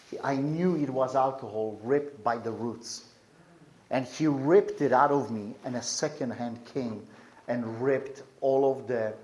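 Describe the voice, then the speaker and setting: A man's voice: medium pitch, a little mellow. A man giving an earnest, intense personal testimony, often repeating his phrases.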